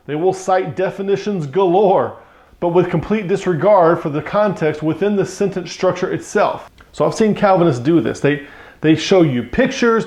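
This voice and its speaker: High-voiced, emphatic male Bible teacher. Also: a little mellow. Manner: emphatic, combative. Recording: echoey room.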